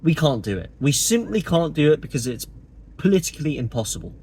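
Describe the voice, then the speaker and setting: A man's voice: fairly high pitch, very animated, a little fast, a little mellow, breathy edge. A man delivering a sarcastic, indignant opinion monologue to camera as a political vlogger.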